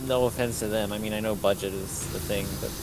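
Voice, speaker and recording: A man's voice: on the low side, steady tone, fast talker. A young man guesting on a game stream, joking and teasing his co-host in casual chat. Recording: noisy hissing mic.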